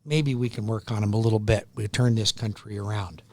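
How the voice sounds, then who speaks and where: A middle-aged man hosting a radio show, loud and pushy, joking at his own expense and going a bit hoarse from yelling. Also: lowish voice, fairly even intonation, brisk, no room sound. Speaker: radio show host, mortgage lender. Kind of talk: energetic radio sales pitch. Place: radio studio.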